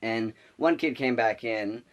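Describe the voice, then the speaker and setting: Over lo-fi audio, a young man with a mid-range voice tells a school story to camera without hurrying. He rambles and sounds exasperated, dropping in lots of fillers as he recounts it casually.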